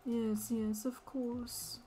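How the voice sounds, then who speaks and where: A woman's voice: on the high side, level tone, faint music behind. Woman doing a whispered Russian-accented villainess. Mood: menacing. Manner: hushed, slow, threatening. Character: menacing female caller, cold and threatening. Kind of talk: whispered role-play.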